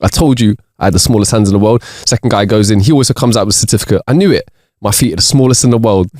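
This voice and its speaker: Speaking very fast in a lowish, darkish-toned voice, this man co-hosts a podcast, reading jokes in casual conversation and laughing in bursts between them. The recording is studio quality with no echo.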